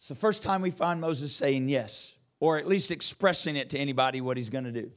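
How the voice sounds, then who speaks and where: A man's voice: mid-range voice, fairly quick, few pauses. A man preaching as a church elder, retelling scripture in a conversational way and voicing its characters. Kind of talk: sermon.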